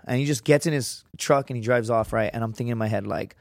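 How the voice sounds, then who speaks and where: A man's voice: medium pitch, quick pace, vocal fry, dry recording, studio quality. A young man from Laredo, Texas, telling a story as a podcast guest in a rambling, swearing, casual way. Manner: rambling, heavy swearing, frequent "right?" and "dude".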